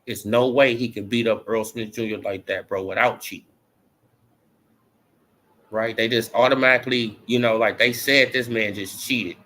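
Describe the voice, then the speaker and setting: A man's voice: fairly low pitch, moderate pace. Slangy man ranting about boxing. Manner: slangy, repetitive fillers like "bro" and "you know"; rising to animated mocking in the back half. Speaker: boxing commentary vlogger. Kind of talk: casual opinion rant.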